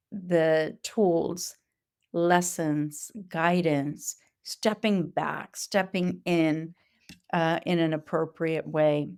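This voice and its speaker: Woman educator, conference speaker; earnest, explains patiently, pauses often, voice sits on the lower side. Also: a little mellow, smooth. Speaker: Montessori educator giving a talk. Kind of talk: conference talk.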